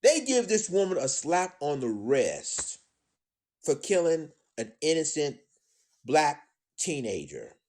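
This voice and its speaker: A man giving indignant live-stream commentary, addressing his audience as ladies and gentlemen, often repeating himself. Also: fairly high pitch, huge pitch swings, slow. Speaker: commentator on current events.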